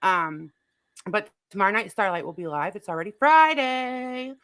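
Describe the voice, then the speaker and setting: A woman's voice: mid-range voice, animated, normal speed, fairly bright tone. A woman hosting a livestream in a chatty, agreeable casual chat. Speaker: livestream host.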